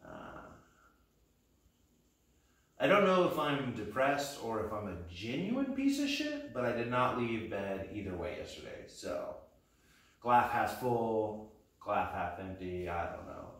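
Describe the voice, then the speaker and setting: A man in his thirties from Texas, doing a meandering, self-deprecating stand-up practice set with a deadpan delivery. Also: on the low side, slow pace, very echoey, recorded from a distance. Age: 30s. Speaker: stand-up comedian.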